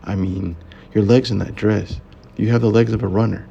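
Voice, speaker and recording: A man's voice: on the low side, fairly even intonation, normal speed, creaky, warm tone, lo-fi sound, a little hiss or hum. A man voicing a poised, bold young woman, lifting his voice lightly and speaking in a coaxing way. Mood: teasing.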